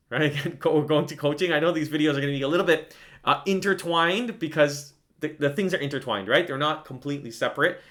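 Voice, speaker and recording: Bright-voiced man teaching recitation casually. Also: on the high side. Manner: casual and enthusiastic, frequent "right?"; breaks into melodic chanting to demonstrate. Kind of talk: online lesson, explaining and demonstrating recitation.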